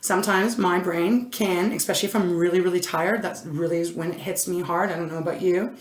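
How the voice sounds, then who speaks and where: A fairly low-voiced woman talks her way through a card reading in an echoey indoor room, picked up by a camera mic. She rambles and interrupts herself, dropping in little exclamations as she goes. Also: fairly even intonation, a little fast. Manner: chatty, rambling, self-interrupting, frequent "oh my gosh". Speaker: intuitive tarot reader.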